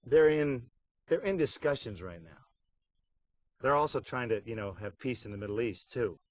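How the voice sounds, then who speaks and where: A man's voice: medium pitch, expressive, moderate pace, no echo. A middle-aged man with a mid-range voice, chatting in a casual interview. He speaks with wry, dry humor and slips into playful joking as he tells stories about his work. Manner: wry, joking, puts on silly voices for anecdotes. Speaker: voice actor interviewed about a game. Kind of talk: casual behind-the-scenes interview.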